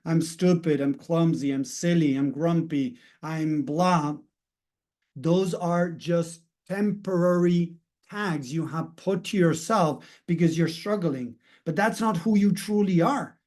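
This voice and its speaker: A man's voice: on the high side, darkish tone. A man coaching viewers in a casual, rambling self-help talk, often checking in with "right?" and "you know". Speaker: mindset coach.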